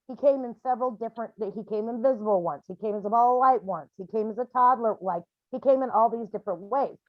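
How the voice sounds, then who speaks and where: A woman's voice: a little high, dry recording, highs cut off. A woman who works as a medium, talking casually and with energy as she leads a grief support call, acting out scenes in other voices. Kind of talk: casual video call counselling. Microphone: video call.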